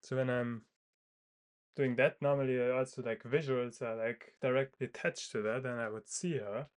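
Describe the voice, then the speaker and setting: A man talks through his thoughts in a loose, casual monologue. He hesitates often, restarts sentences and leans on fillers, in a mid-pitched, ordinary voice. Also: steady tone, moderate pace, smooth. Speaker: video creator. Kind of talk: thinking aloud, casual monologue.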